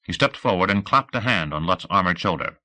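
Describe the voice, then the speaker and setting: A man's voice: lively intonation, a little fast, pushed and bright. A man narrating an audiobook of a science-fiction novel, shifting his voice for the characters; an old cassette recording. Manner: changes pitch for characters. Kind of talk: reading a novel aloud.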